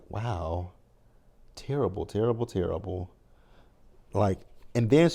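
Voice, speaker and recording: A man recaps a TV episode in a loose, wry, chatty way, swearing freely. His voice is low-pitched and mellow. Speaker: TV recap channel host.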